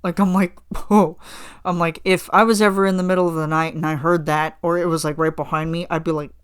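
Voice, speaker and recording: A woman's voice: on the low side, little pitch movement, quick pace, clean tone. A woman hosting a podcast, chatting casually and animatedly, acting out her own reactions as she tells a story. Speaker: podcast host. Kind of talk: casual chat.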